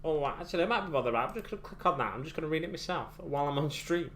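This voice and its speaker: With a fairly high, bright voice, he talks in an animated, rapid-fire way, and a little hiss or hum sits under the audio. He's a British man from the United Kingdom chatting casually on a live stream of his miniature painting, rambling and frequently restarting his thoughts.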